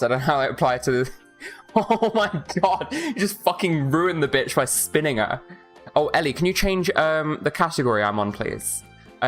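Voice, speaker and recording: A woman streaming a video game, chatting casually and rambling with her viewers, often swearing. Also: rumbling low. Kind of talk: casual live-stream chat.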